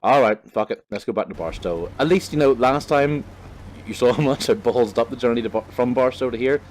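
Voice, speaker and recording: A man's voice: medium pitch, fairly quick, a little hiss or hum. A man with a Northern Irish accent giving casual, rambling let's-play commentary, full of fillers and cheerful swearing. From Northern Ireland. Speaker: gaming commentator.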